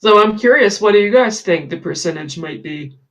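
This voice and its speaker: A guest in a casual roundtable discussion, thoughtful and halting. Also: medium pitch, lively intonation, fairly bright tone, rough recording.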